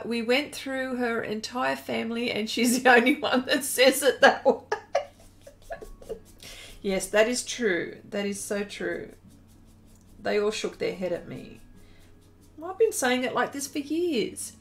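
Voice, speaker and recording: With a fairly high, slightly bright voice, an Australian woman hosts a live-stream painting demo. She chats and giggles while reading viewers' comments aloud and greeting them by name.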